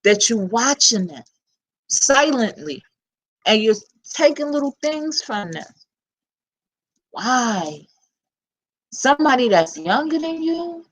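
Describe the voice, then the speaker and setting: A woman with a New York accent speaks in an unhurried, drawn-out way. She talks bluntly and frankly, full of street slang, as she gives casual commentary on her own channel. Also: on the high side, big pitch swings, low-quality recording. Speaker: channel host.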